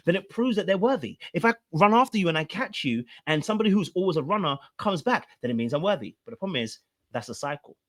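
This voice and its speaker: Man explaining with rhetorical questions. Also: a little high. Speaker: relationship coach and commentator. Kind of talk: reaction commentary on a clip.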